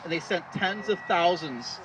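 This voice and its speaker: A man's voice: high voice, animated, normal speed. Man talking far off outdoors. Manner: rambling, with many fillers and restarts. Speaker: re-enactment presenter. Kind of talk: outdoor history talk. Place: outdoors at a re-enactment site. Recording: distant outdoor recording with loud background noise.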